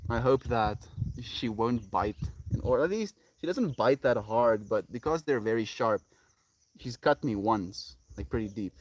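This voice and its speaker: A man's voice: mid-range voice, expressive, unhurried, pauses often. A young South African man chatting on a casual live stream, reading chat aloud and cooing baby talk at his puppy outdoors.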